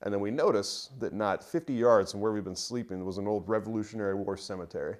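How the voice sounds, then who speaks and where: A man's voice: on the low side, quick pace, a little mellow. A young man casually telling a personal army story, rambling with plenty of fillers. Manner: loose and rambling, many fillers. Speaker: interviewee.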